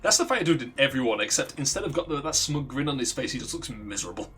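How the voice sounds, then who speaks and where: Give me a man casually spinning a long, profane tale on stream, with soft music playing behind him. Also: medium pitch, expressive, fast talker. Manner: rambling, profane, laughs at own story. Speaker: let's play streamer. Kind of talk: casual storytelling while gaming.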